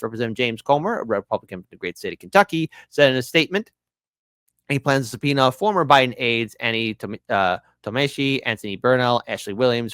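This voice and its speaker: A man runs a political commentary show in an exasperated, sarcastic rant and keeps tripping over his own restarts. His voice is bright and forceful, and his pitch leaps and falls all over the place. The sound is dry and close to the mic. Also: dry recording. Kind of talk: ranting news commentary.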